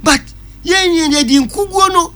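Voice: very high-pitched, a little slow, pushed and bright. A talk-show guest with a Ghanaian accent, giving an emphatic, preachy Christian view. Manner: emphatic and preachy, switching between Twi and English. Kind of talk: opinionated talk-show commentary.

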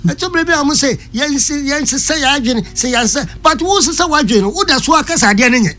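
A talk-show guest with a Ghanaian accent and a high, pushed, bright voice delivers an emphatic, preachy Christian opinion at a quick pace. She mixes Twi and English as she comments expressively.

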